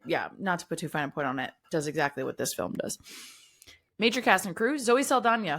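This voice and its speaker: A woman, co-hosting a podcast in casual, animated chat and often saying "y'all". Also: on the low side. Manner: chatty, animated, says "y'all". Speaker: podcast co-host.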